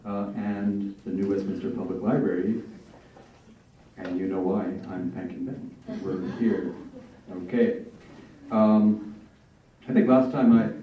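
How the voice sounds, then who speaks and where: A man hosting a literary reading night, chatting casually with many fillers and restarts, recorded from a distance in a large room. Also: lowish voice. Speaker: event host. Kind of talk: casual introductions at a reading event. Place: library reading event. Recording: echoey hall, distant lo-fi mic.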